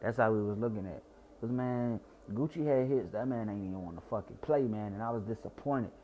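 A young Southern man from Georgia, a bit drunk on wine, rambles through a casual, profane monologue, stuttering and repeating himself. His voice is lowish and a little fast, on a lo-fi recording with slight background noise.

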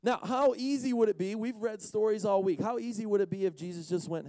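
A man with a notably high speaking voice leads a humorous Bible-story talk as a youth speaker. He keeps it jokey and acts out the scenes in quoted voices. The recording is dry, with no room sound. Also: fairly quick, warm tone, no echo, rough recording.

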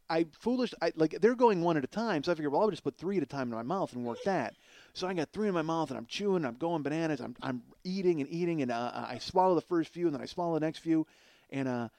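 A man with a slightly higher voice than most men tells a rambling comic story from his past. He talks in an animated, profane, self-mocking way. The recording is close and dry, with no room sound. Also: no echo. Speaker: podcast host. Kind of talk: casual storytelling.

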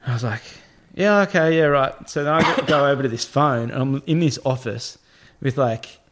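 A man's voice: medium pitch, brisk, fairly bright tone. A man with an Australian accent telling a long personal story in casual chat, swearing freely and acting out what other people said.

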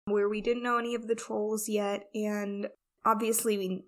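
A woman's voice: mid-range voice, level tone, normal speed. A woman co-hosting a casual chat, rambling and self-deprecating, with frequent restarts. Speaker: podcast co-host.

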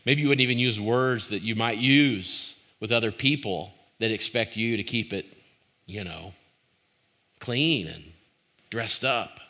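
A man's voice: fairly low pitch, moderate pace, sharp tone. A man, likely a pastor, giving a reflective devotional talk in a conversational, searching way, often restarting his sentences and asking listeners questions directly.

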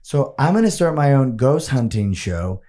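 Male podcast co-host, lively pitch, casual and profane, code-switches into Spanish. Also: normal speed. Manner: animated, swears often, slips into Spanish. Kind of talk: casual chat.

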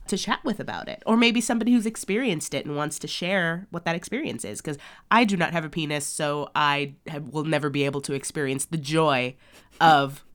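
A woman co-hosting a podcast, chatting frankly and telling stories with animated acted-out quotes. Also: sits low, fairly quick. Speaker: podcast co-host. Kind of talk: frank casual chat.

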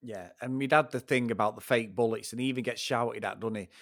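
A man's voice: medium pitch, fast, dry recording, studio quality. A man co-hosting a casual film review podcast, ranting and swearing as he picks the film apart. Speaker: podcast co-host.

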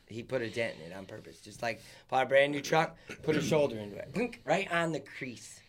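A man's voice: medium pitch, lively intonation, brisk. A young man co-hosting a podcast, telling stories bluntly with plenty of swearing and laughter. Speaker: podcast co-host. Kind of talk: casual chat.

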